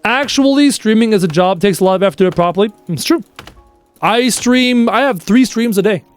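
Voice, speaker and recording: A man's voice: sits high, a little fast, clear, resonant tone, faint music behind. A man live-streaming a game, chatting casually and reading out viewers' messages in a playful way. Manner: chatty, reads chat aloud, playful.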